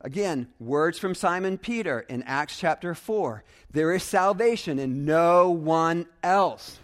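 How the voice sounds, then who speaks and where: A man's voice: a little high, expressive, takes it slowly. A young adult male pastor preaching a sermon earnestly and emphatically, repeating phrases for stress.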